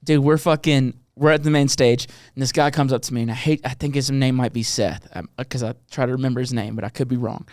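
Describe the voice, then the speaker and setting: A man hosting a podcast, telling a rambling story with lots of swearing and quick impressions of the people in it. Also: medium pitch, steady tone, a little mellow, no room sound, studio quality. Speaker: podcast host. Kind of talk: casual chat.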